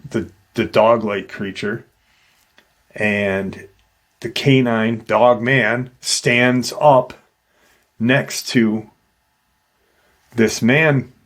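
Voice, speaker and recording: A middle-aged man slowly retelling a witness's eerie encounter in a casual, halting way, with many fillers. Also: medium pitch. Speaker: host retelling a witness account. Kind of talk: casual storytelling.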